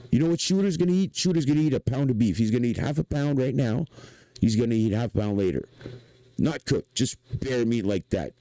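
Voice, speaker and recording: Man, Québécois French accent, livestream rant, profane and repetitive, dark tone, dry close sound. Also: a little high, dry recording, low-quality recording. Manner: rambling, excitable, profane, repeats himself. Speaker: livestreamer and inventor.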